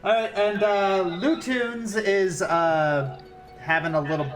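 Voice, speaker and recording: A woman's voice: mid-range voice, fairly even intonation, takes it slowly. A woman hosting a live tabletop game stream, chatting casually and teasing her players. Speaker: stream host and game master. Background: background game music.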